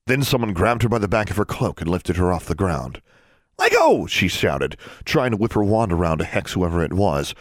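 A man reading a fantasy audiobook with expressive, varied narration. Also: low voice, a little fast, few pauses, no echo. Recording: dry close studio sound.

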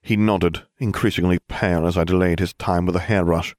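A man's voice: low voice, fairly even intonation, fairly quick, no echo. A man narrating a story in a dry, wry manner for an audiobook.

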